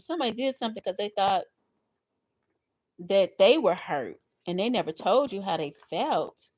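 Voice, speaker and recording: A woman doing a live tarot reading, talking in slangy, animated bursts with lots of laughter. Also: mid-range voice, moderate pace, no room sound. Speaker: tarot reader.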